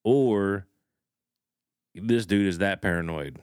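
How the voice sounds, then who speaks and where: A man co-hosting a podcast, speculating in relaxed casual chat. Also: low voice, slow, smooth, no room sound, studio quality. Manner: relaxed, speculative, uses "like" often. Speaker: podcast co-host.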